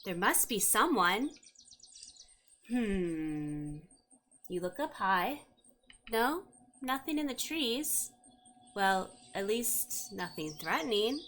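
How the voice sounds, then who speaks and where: A woman's voice: a little high, animated, slow, bright, forceful tone. A woman narrating a tabletop game as game master, with wry asides to the players.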